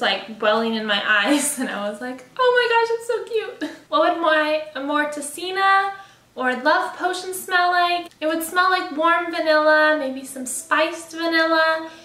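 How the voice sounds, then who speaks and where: A woman's voice: extremely high pitch, sharp tone, roomy sound, rough recording. A young woman vlogging casually, bubbly and enthusiastic, laughing often as she talks. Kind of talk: casual book-tag vlog.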